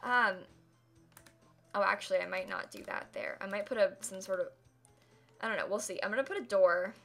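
A woman's voice: medium pitch, a little fast, gravelly, fairly bright tone. A young woman live-streaming a game build, chatting casually and laughing often as she thanks viewers. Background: faint music and keyboard typing.

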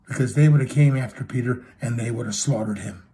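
A man delivers a sermon at a fast clip in a mid-range voice, retelling a story with acted-out quotes and swinging between loud and hushed delivery.

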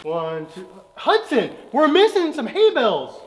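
A dad playing make-believe with his kids outdoors on a farm, talking in an animated, playfully dramatic way. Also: very high-pitched, measured pace. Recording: noisy outdoor recording.

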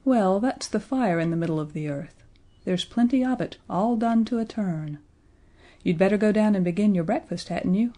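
A woman's voice: mid-range voice, moderate pace, warm tone, close to an everyday voice. A woman voicing a kind, clever young boy in a children's audiobook, speaking earnestly.

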